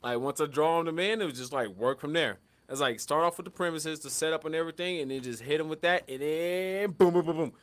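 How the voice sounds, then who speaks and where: A man co-hosting a casual podcast, telling stories in a lively, profane way and acting out the people he quotes. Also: on the high side, a little fast, hardly any pauses. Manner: animated storyteller, acts out quotes, lots of profanity. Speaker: podcast co-host.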